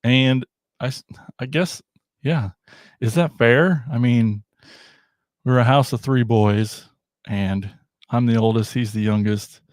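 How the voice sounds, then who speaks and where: Middle-aged male host, casual toy-stream chatter, dry close sound, mid pitch, meandering and jokey. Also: takes it slowly, pauses often, a little mellow, dry recording. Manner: rambling, self-deprecating, jokey. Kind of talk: casual livestream chat.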